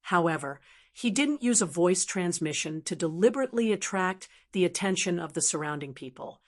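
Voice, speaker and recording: A woman narrating a fantasy audiobook in a steady, even storytelling manner. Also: lowish voice, moderate pace. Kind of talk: scripted narration.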